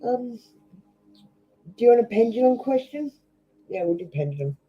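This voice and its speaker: A woman's voice: a little high, expressive, moderate pace, slightly rough, soft background music. Australian woman, blunt tarot reader, swears freely, scolding, dull lo-fi stream. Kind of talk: live-stream tarot reading, chatting with viewers.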